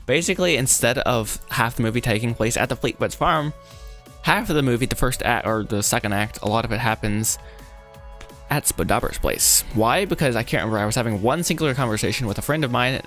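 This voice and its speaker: In a casual livestream, a man with a mid-range voice thinks aloud while rewriting his animated film script. His talk rambles, pokes fun at himself, and easily drifts off track.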